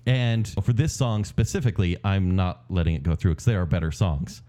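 A man's voice: low voice, a little fast, mellow. A man co-hosting a podcast in casual chat, full of joking, sarcastic asides. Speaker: podcast co-host.

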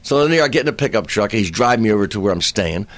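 A man in his sixties, a comedian, telling a comic anecdote in an animated way. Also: fairly low pitch, rapid-fire. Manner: animated storyteller, acting out voices. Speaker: comedian guest.

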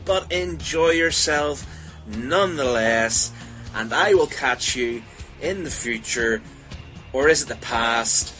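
A man's voice: mid-range voice, expressive, takes it slowly, pushed and bright, faint music behind, poor audio. A man, a podcast co-host, giving a playful, theatrical recorded greeting with showman-like flourishes.

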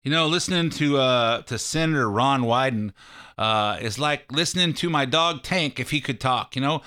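A man's voice: mid-range voice, animated, normal speed, sharp tone. A man hosting a show of casual political commentary, rambling and folksy with a mocking edge. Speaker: host.

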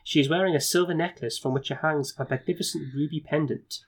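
Guy reading a fantasy gamebook out loud, a bit high voice, chatty asides. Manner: brisk narration with stumbles and asides. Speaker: gamebook reader and host. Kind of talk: reading a gamebook aloud with commentary.

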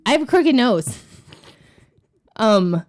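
Animated storytelling woman in her forties. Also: a little high, takes it slowly. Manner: animated, acts out quoted voices with gasps. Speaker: podcast cohost. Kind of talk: casual storytelling.

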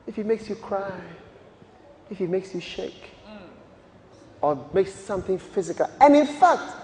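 A man pastor preaching a sermon with emphatic, repeated rhetorical questions that rise into shouts. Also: very high voice, sing-song, slow, pauses often. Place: large church hall. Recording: echoey church hall with long reverb.

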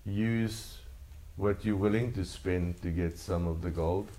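A man's voice: sits low, slow, warm tone. A man preaching a sermon to his congregation, earnest and repetitive in cadence. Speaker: pastor.

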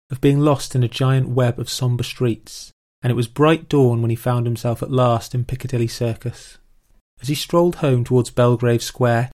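A man reading literary prose aloud in a measured, expressive way. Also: medium pitch. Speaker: reader of extracts.

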